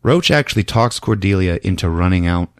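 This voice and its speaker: A man hosting a podcast, casually recapping a film in an animated way, laughing often and acting out the lines. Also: deep voice, a little fast, clean tone, no room sound. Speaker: podcast host.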